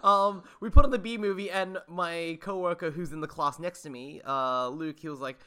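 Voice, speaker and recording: A woman who teaches school, co-hosting a podcast and telling stories in casual chat with quick put-on quotes. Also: mid-range voice. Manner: animated storytelling with playful put-on quotes.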